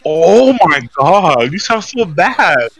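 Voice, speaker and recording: A young man hosting a gaming stream, chatting casually with friends, excitable, laughing often and swearing. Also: high voice, slow, gravelly. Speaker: gaming channel host.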